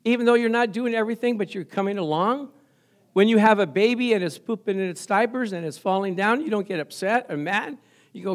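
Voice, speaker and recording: A male pastor preaching an energetic sermon, often laughing and asking his congregation questions. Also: sits high, a little fast.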